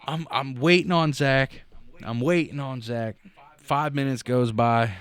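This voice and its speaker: A middle-aged podcast co-host spins a casual game story, throwing in curses and mouth sound effects. He has a smooth, mid-range voice and a measured pace.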